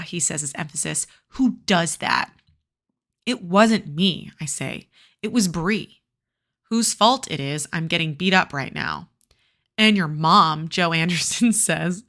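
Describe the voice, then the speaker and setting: A woman's voice: on the low side, sharp tone. A woman reading a novel aloud to a class, breaking off into casual, chatty commentary full of fillers.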